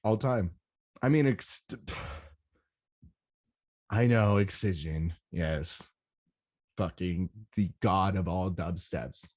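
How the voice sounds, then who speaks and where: A young man hosting a rave podcast, talking in an excitable, rambling way and swearing often. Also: sits low, takes it slowly, long pauses. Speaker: podcast host. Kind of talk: casual solo podcast recap.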